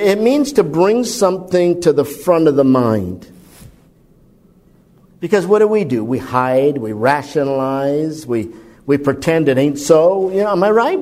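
Man preaching with wide swings in voice. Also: a little mellow. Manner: conversational, asks the audience questions; pitch and volume swing widely for emphasis. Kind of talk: sermon.

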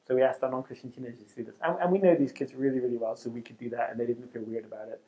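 Animated middle-aged male youth minister. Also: medium pitch, rapid-fire. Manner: animated and conversational, with restarts. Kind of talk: talk to youth workers. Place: talk in front of a live audience.

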